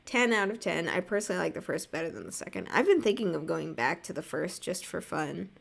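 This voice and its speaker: A woman's voice: on the low side, expressive, a little fast, gravelly, fairly bright tone, husky. Chatty American woman streaming as she draws. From United States. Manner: chatty and rambling, reading chat aloud, frequent "like" and laughs. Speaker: art streamer. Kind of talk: casual livestream chat while drawing.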